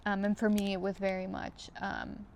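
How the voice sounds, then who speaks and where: A young woman shares her reflections in a casual vlog. She talks in a chatty, meandering way with plenty of fillers and soft laughs, and she is emotional enough to sound close to tears. Her voice sits at a middle pitch over a light background hiss. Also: completely flat delivery, normal speed, creaky. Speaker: vlogger.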